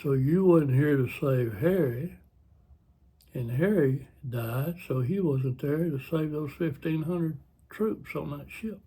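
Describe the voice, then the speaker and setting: A man's voice: on the high side, slow, warm tone, breathy edge, pitched above the performer's own voice, full character voice. A man voicing a patient male guardian angel, only a little above his own voice. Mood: explaining.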